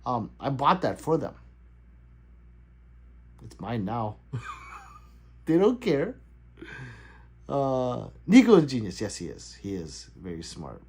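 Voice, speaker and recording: A man's voice: mid-range voice, wildly swooping pitch, slow pace, long pauses, husky. A middle-aged man hosting a casual livestream, laughing easily and answering his chat as it comes in. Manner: loose, laughing, chatty, reading out chat. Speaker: livestream host.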